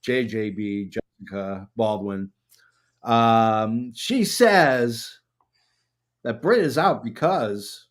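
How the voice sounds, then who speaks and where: A man hosting a casual chat show, rambling along with many filler pauses. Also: mid-range voice. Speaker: podcast host.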